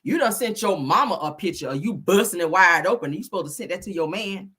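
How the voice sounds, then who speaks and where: A woman hosting a casual gossip commentary, telling stories in an animated, slangy, laughing way. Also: on the low side, a little fast, husky. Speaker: commentary channel host.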